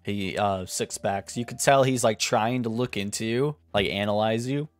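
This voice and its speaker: Man running a tabletop game, halting. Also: on the low side, faint music behind. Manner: hesitant, many ums. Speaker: game master.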